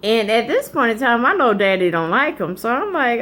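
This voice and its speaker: A woman vlogger telling a personal story in a candid, animated, colloquial way. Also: fairly high pitch, normal speed.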